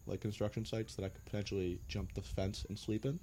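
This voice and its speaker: Young american guy telling travel stories, lowish voice, kinda chill, bit of hiss. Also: little pitch movement, quick pace, mellow. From United States. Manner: laid-back, profane, joking. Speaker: guest. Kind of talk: casual storytelling.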